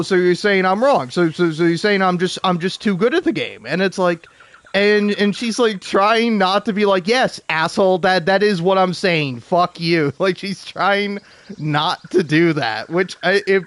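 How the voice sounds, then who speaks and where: A man's voice: high-pitched, no echo. A man giving casual, rambling commentary over gameplay, stumbling over his words, swearing freely and laughing often. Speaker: gaming video creator.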